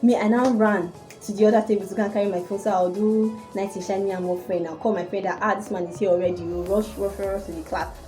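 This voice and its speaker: A young woman from Nigeria recounts a school memory in a casual vlog. Her tone is mellow and animated. Soft background music plays faintly behind her. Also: mid-range voice, quick pace, few pauses, rough recording. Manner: animated storytelling. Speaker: vlogger. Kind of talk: casual storytelling to camera.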